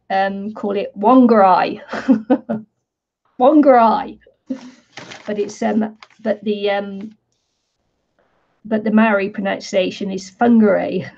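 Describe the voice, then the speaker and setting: Slow, mellow British woman chatting. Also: mid-range voice, vocal fry, highs cut off. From Britain. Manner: chatty, rambling, laughs often. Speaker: craft vlogger. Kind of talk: casual chat while crafting.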